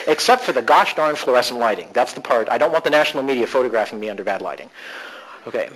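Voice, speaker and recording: A man presenting a live conference workshop, animated and playful, shifting his emphasis for effect. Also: mid-range voice, quick pace, rough recording.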